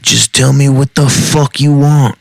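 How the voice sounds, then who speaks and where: A fed-up young guy at an order counter, strained and exasperated, as a narrator voices him. The voice stays low and gravelly, close to the reader's own. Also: fairly even intonation, moderate pace, a little mellow, no room sound.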